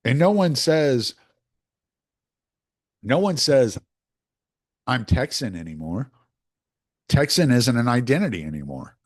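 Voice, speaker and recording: Opinionated American man with lively pitch. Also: measured pace, long pauses. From United States. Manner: rambling, opinionated, with restarts. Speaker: podcast host. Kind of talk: casual monologue.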